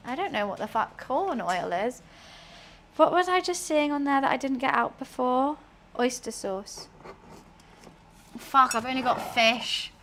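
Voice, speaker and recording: A woman's voice: high-pitched, measured pace, long pauses, fairly bright tone, slight background noise. A young woman chatting casually to herself while cooking on a livestream, swearing now and then. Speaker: streamer.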